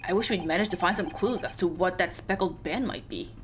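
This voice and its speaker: A wry, put-upon young man accused of a crime, read by a woman in her own voice. The delivery is dry and even, like someone reading game dialogue. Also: lowish voice, brisk, noisy background, close to an everyday voice.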